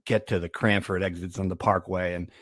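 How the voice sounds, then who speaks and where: A man's voice: low-pitched, flat delivery, a little fast, a bit bright, no echo, studio quality. Rambling male podcast host. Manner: rambling, self-interrupting storyteller. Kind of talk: casual sports podcast chat.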